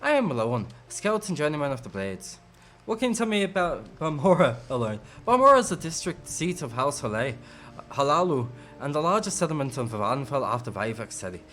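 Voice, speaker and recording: A man doing a brisk male scout with an Irish lilt, reeling off roads and towns like a well-worn guide in a fantasy game. His pitch sits a bit high and keeps moving, and soft music hums faintly underneath. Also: very animated. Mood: helpful. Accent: Irish, put on.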